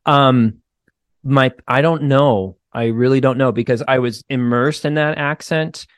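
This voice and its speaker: A man with a light Boston accent tells his story in an easy, animated way, peppering it with "like" and "you know". His voice sits in a middle register and is recorded dry and close. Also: medium pitch, measured pace, clear, resonant tone, dry recording. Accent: faint Boston. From Boston area, United States. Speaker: guest therapist. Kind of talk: casual podcast conversation.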